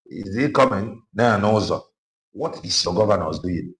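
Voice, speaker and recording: A low-voiced Nigerian man talks from a moving car, pressing his points again and again. He mixes casual chat with forceful repetition. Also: expressive, normal speed, rough recording. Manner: emphatic, repeats phrases for effect. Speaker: commentator. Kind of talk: casual spoken commentary mixing Igbo and English.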